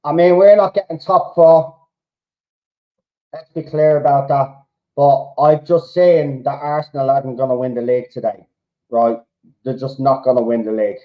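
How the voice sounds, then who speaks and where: A man reacting live to a football match as a fan host, swearing freely and shouting at the players. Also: mid-range voice, fairly even intonation, normal speed, muffled recording.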